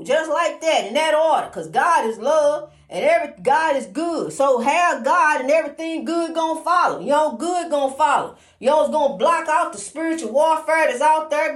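A woman's voice: high voice, lively intonation, moderate pace, few pauses. A woman giving a daily inspirational testimony in a preacherly, repetitive, encouraging way, with many fillers. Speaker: motivational speaker. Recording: roomy echo.

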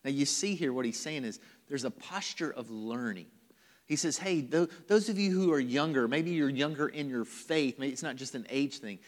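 A man's voice: medium pitch, moderate pace, long reverb tail. A man preaching a conversational sermon as pastor of his church, now and then dropping to a whisper for emphasis.

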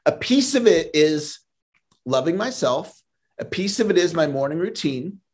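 A man's voice: fairly high pitch, big pitch swings, measured pace. A man speaking as a sales trainer in a podcast interview, earnest and motivational, often repeating a word as he starts a thought.

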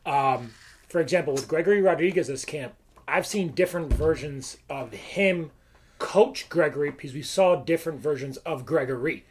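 A man who works as a trainer, talking casually on a podcast in a relaxed way with filler words. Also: fairly high pitch, moderate pace, a little hiss or hum.

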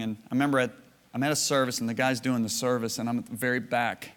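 A man's voice: mid-range voice, fast talker. A middle-aged man preaching a sermon before a congregation, telling stories and acting out his own quoted words with laughs. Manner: storytelling, animated, with laughs and acted-out quotes. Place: church or conference hall. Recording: reverberant hall.

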